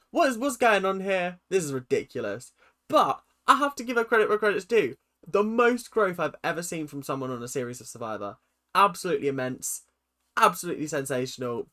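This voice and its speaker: Animated guy reacting to TV. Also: fairly high pitch, fairly quick. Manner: animated and effusive, with quoted asides. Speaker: reaction video host. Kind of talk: casual reaction commentary.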